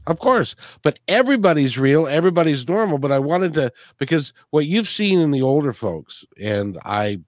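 A man's voice: on the high side, big pitch swings, moderate pace, few pauses, dry recording, clean studio sound. A man from the of the US hosting a podcast, chatting casually and often repeating words as he starts a thought. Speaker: podcast host. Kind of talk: casual interview chat.

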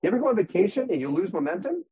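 Man, husky voice, animated podcast guest, dry, dull sound. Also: high-pitched, very fast, no room sound. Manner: demonstrative, acts out inner voices, uses props as metaphors. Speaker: guest real estate agent. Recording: dull muffled podcast audio.

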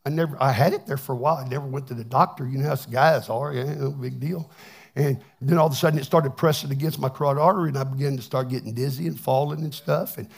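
A man's voice: medium pitch, steady tone, fast, gravelly, husky. A man preaching a plainspoken, folksy testimony sermon, often repeating words as he restarts. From Texas. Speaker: pastor.

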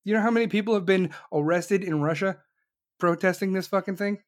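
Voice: medium pitch, a little fast. A commentator delivering an angry, blunt political rant full of swearing.

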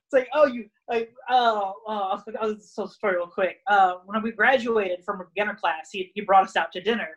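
A young man, a guest wrestler, rambling casually with lots of "like" and animated retellings of stories. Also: sits high, moderate pace, few pauses, poor audio. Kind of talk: casual podcast chat.

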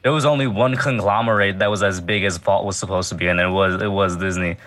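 A man in a casual podcast chat, relaxed and rambling, using "like" a lot. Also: sits low, fast. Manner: relaxed, uses "like" a lot, says "bro". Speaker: podcast panelist.

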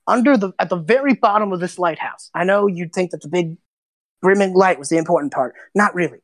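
A woman voicing a short, gruff old male lighthouse keeper with wild white hair, who talks bluntly and impatiently. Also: on the low side, fairly quick, dry recording, close to an everyday voice.

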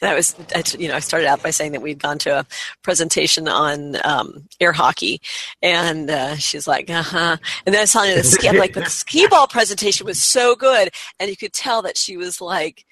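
A man's voice: on the high side, a little fast, sharp tone, dry recording. A man chatting casually on a podcast, telling a story in a chatty way. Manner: chatty storytelling, light laughs. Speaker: podcast guest. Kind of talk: casual chat.

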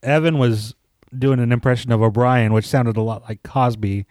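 Relaxed man explaining, dry close mic. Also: medium pitch, moderate pace, no echo. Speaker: podcast co-host. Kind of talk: casual chat among friends.

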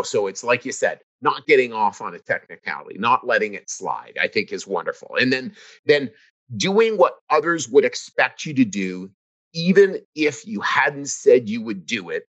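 A man's voice: medium pitch, a bit bright, muffled recording. A middle-aged man co-hosting a casual talk, telling a personal story in an earnest, reflective way with frequent restarts. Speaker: podcast co-host. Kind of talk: casual conversation.

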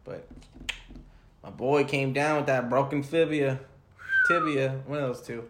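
A young man chatting casually as a podcast co-host, swearing freely and telling animated stories full of slang. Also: medium pitch, a little slow, background noise. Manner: profane, animated storytelling with slang. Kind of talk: casual chat. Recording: echoey room.

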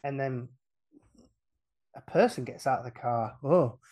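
A man on a casual podcast, retelling a film's plot with lively energy, acting out the characters' lines and laughing often. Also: mid-range voice, unhurried. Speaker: podcast guest retelling a film.

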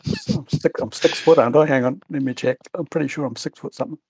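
Male player, casual and joking, slightly husky. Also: medium pitch, fast talker, darkish tone, no echo. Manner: joking, asks questions. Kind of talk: casual tabletop game talk.

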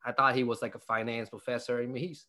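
A man's voice: mid-range voice, flat delivery, quick pace, sharp tone. A young man from Vietnam with a Vietnamese accent, a stand-up comedian chatting as a guest, joking and laughing often between fillers. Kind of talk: casual interview chat.

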